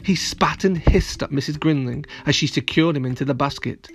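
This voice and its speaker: Bright-voiced man reading to children. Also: a little high, normal speed, noisy background. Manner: expressive, addresses children directly. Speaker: storyteller host. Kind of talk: children's storybook narration.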